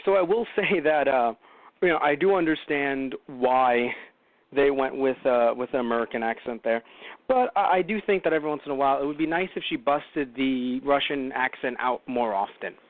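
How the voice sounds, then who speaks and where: At home, a podcast host with a mid-range voice talks at an ordinary speed, rambling through a casual movie review show and catching his own mistakes with dry asides. The tinny phone-line call-in audio has no echo.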